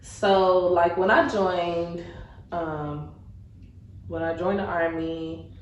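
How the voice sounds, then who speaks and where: A woman's voice: on the low side, steady tone, extremely slow, lo-fi sound. Laid-back woman, distant roomy mic. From Atlanta, Georgia, USA. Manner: laid-back, frank, slangy, says "like" a lot. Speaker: guest, army veteran and blogger. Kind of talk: casual podcast conversation. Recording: roomy, distant mic, faint background noise.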